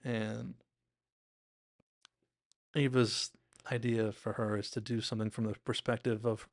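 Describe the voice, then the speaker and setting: A man's voice: lowish voice, flat delivery, measured pace, no echo, studio quality. A man hosting a podcast, casually and enthusiastically breaking down a TV episode with lots of "like"s. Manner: chatty, enthusiastic, acts out quotes, many "like"s. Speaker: TV recap podcast host.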